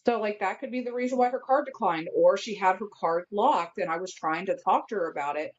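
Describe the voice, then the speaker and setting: A woman's voice: mid-range voice, a little fast, a little hiss or hum. Woman telling a story, dull lo-fi sound. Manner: animated, acts out quotes while telling a story. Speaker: guest friend. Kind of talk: casual storytelling on a podcast.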